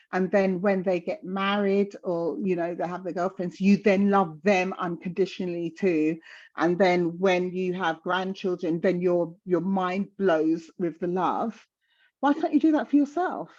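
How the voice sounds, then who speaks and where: A woman's voice: fairly low pitch, a little mellow. Frank South London woman, muffled audio. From South London, England. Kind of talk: casual conversation.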